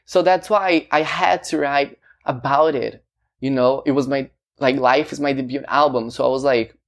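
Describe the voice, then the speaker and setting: A man, a singer, talking personally to the camera about his debut album. He speaks haltingly, searching for words and often asking "you know?". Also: medium pitch, steady tone, creaky.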